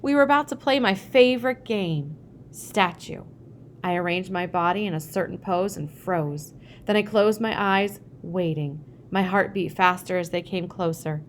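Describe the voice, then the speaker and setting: A woman reading a childhood memoir aloud, lively when she acts out family dialogue. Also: fairly low pitch, moderate pace, slight background noise. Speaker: reader.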